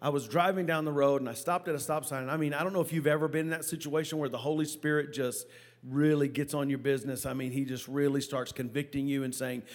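Animated preacher man telling a story. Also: medium pitch. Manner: animated storytelling with halting repetitions. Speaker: pastor. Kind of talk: sermon.

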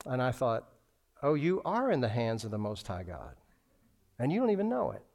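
A man's voice: mid-range voice, wildly swooping pitch, normal speed, a little mellow. A man preaching a sermon as a pastor, telling a personal story with lots of restarts and acted-out dialogue.

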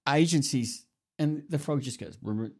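A man's voice: mid-range voice, animated, normal speed, a little mellow. Rambling man, casual chat. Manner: rambling, swearing, laughing storyteller.

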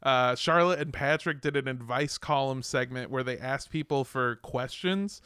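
A man's voice: mid-range voice, moderate pace, sharp tone, smooth, no room sound, clean studio sound. A young man chatting casually on a podcast, telling rambling anecdotes, laughing often and swearing casually. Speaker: podcast guest. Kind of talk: casual chat.

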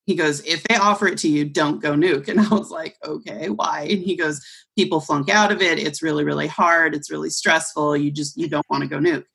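Young woman co-host, slightly low and husky, casual and animated storyteller. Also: a little fast. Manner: animated storyteller, acts out quoted voices. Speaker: podcast co-host.

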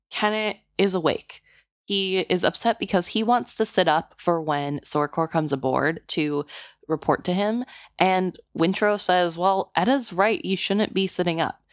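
A woman's voice: lowish voice, slow, no echo. A woman co-hosting a podcast, chatting casually and summarizing the plot of a novel. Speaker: podcast co-host. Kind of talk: casual book discussion.

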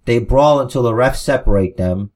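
A man co-hosting a podcast, casually reading out wrestling storylines with relaxed asides. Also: medium pitch, moderate pace. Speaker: podcast co-host.

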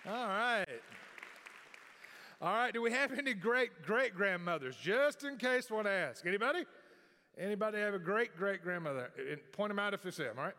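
High, bright-voiced male pastor in a hall. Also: expressive, moderate pace, a faint crowd. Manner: folksy, rambling, many restarts and fillers. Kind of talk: sermon. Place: church sanctuary. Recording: long hall reverb.

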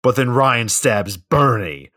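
A podcast co-host casually recaps a film's plot in a laid-back movie review chat, swearing often. His medium-pitched voice is animated and forceful with a bright tone, though he talks at a slow pace.

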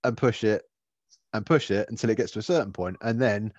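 Man, podcast co-host, low voice, laughs often, dry dull sound. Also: brisk, a little mellow, no echo. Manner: laid-back, swearing, laughs often. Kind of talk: casual chat.

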